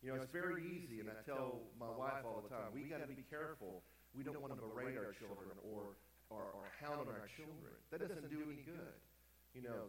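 A man's voice: mid-range voice, brisk. A middle-aged man preaches in an earnest, pleading tone, now and then acting out a scolding parent. His voice comes from some distance away in a very echoey hall. A faint hum sits underneath. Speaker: pastor. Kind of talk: sermon. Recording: echoey room, mic at a distance.

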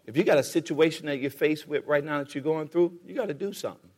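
Rhythmic high-voiced man preaching. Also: fast, a little mellow, in a large hall. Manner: call-and-response, rhythmic, repetitive. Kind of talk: sermon. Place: church sanctuary.

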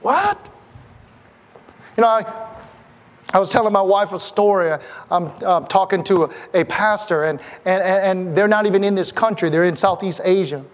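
Man, pastor, sermon, animated exclamations, high voice, long hall echo. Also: brisk. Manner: animated preaching with rising exclamations. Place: church.

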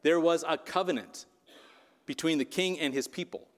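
A man's voice: a little high, normal speed, big-room sound. A man preaching a sermon as pastor, in a conversational way that keeps checking in with the congregation. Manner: conversational, keeps asking "right?".

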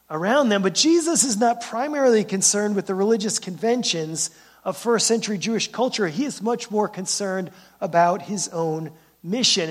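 Guy preaching a sermon, kinda husky voice pitched high, chatty, keeps saying right?. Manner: conversational preaching with frequent "right?" tag questions; repeats words when starting sentences. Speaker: pastor.

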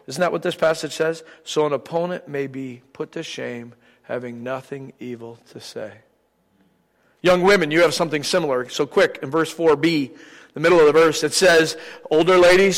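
A middle-aged man preaching a sermon as pastor, lively and acting out the voices of people he quotes. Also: a little high, fairly quick, in a large hall, poor audio. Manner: animated, acts out quoted voices.

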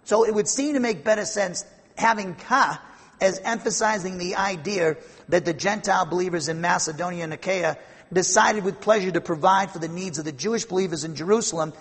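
Guy with a high husky voice teaching bible verses, keeps restarting, big echoey hall. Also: a bit bright. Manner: explanatory, emphatic, with frequent restarts. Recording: long hall reverb.

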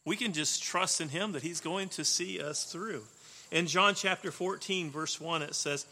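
Bright-voiced preacher in a reverberant hall. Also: male voice, a little high, a little slow. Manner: animated, shifts between loud emphasis and soft asides. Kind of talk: sermon.

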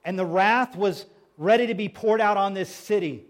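A middle-aged male pastor with a high voice delivers a sermon. He preaches emphatically, dropping to a near hush and then rising to loud, pressing lines. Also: normal speed. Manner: emphatic preaching, swings between hushed and loud.

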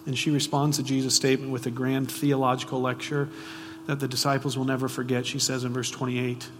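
A man preaching a sermon, asking the audience frequent rhetorical questions and swinging between hushed and loud, emphatic delivery. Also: medium pitch, flat delivery, a little fast, slight background noise. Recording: long reverb of a large hall.

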